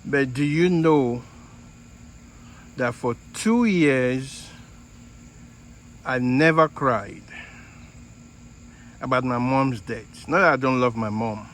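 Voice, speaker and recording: Slow-talking Nigerian man. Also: medium pitch, a bit bright, slight background noise, poor audio. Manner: unhurried, halting with fillers. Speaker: fig grower and channel host. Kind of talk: casual garden vlog.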